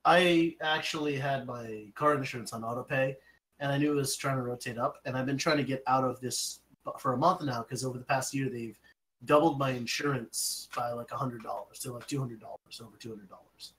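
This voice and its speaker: A man's voice: mid-range voice, fairly even intonation, fairly quick, fairly bright tone, rough recording. A young man co-hosting a podcast, telling long profane stories in casual chat. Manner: profane rambling storyteller. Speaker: podcast co-host.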